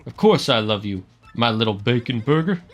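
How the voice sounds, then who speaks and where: A man voicing a gruff, henpecked tough-guy husband who wheedles with sweet talk. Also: medium pitch, animated, moderate pace, dull audio, faint music behind, natural voice. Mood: coaxing.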